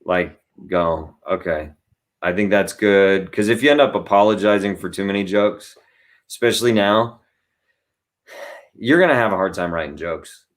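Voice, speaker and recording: A man, a guest comedian, chatting in an interview and telling stories with animated asides and quick voice impressions. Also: fairly low pitch. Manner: animated storyteller who acts out voices. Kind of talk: casual interview chat.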